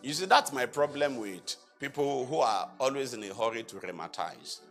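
An apostle preaches in church, reciting scripture in archaic wording at a slow, emphatic pace while faint music plays behind him. Expressive throughout, he poses rhetorical questions to the congregation, supplies the answers, and climbs into loud, high-pitched exhortation.

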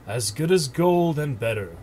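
A man voicing a gentle, proud poor father in a read-aloud storybook, speaking softly. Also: on the high side, animated, a little slow, a little hiss or hum, voice pushed up. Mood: tender.

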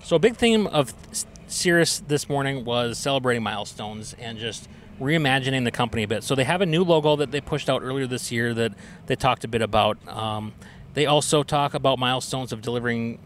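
A man's voice: mid-range voice, a little fast, a little hiss or hum. A man hosting a podcast, giving a casual, upbeat recap with plenty of ums and uhs. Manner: chatty, upbeat, explains things with fillers. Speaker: podcast host.

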